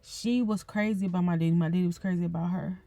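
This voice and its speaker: A young woman hosting a podcast, speaking tearfully and haltingly in an emotional personal reflection. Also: lowish voice, steady tone, dry recording, faint music behind. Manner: tearful, soft-spoken, halting with fillers. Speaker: podcast host.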